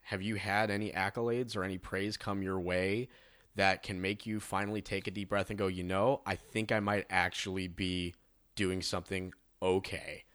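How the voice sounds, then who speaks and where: A man interviewing a guest, asking long, slow, drawn-out questions in a casual tone. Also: deep voice, little pitch movement, a bit bright, no echo, clean studio sound.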